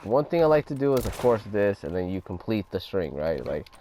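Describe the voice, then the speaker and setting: A man's voice: fairly low pitch, big pitch swings, fairly quick, dark tone, a little hiss or hum. A young man giving a casual, profane gameplay tutorial, talking loosely over footage. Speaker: gaming guide creator.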